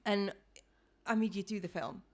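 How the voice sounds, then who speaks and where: A young adult woman hosting a casual interview chat, animated and acting out quoted voices with big leaps in pitch. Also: moderate pace. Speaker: podcast host.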